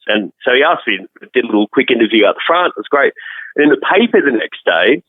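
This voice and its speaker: A musician being interviewed, chatting casually and rambling with many restarts. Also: male voice, mid-range voice, lively intonation, fairly quick, no echo. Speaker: musician guest. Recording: tinny phone-like call audio.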